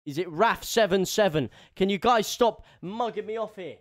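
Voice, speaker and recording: High-voiced man, excitable commentary. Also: moderate pace. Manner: excitable running commentary, swearing and repeating himself. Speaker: streamer. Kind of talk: live match watchalong commentary.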